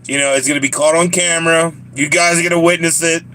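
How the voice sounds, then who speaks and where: A man's voice: fairly high pitch, steady tone, quick pace, bright, forceful tone, slight background noise. A man with a Southern US accent chatting casually on a live stream, joking and laughing often as he rambles to his viewers.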